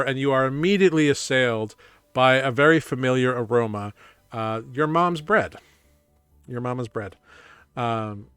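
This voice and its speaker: Male GM, loose rambling narration, smooth dry voice. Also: medium pitch, fairly bright tone, no echo. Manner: casual, rambling, full of fillers. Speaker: game master. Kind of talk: narrating a tabletop game.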